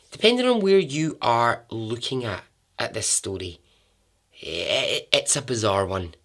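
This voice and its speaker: A man's voice: medium pitch, fairly bright tone. A man hosting a podcast, talking in a friendly, rambling way, laughing often and drifting into asides. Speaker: podcast host. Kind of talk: casual podcast chat.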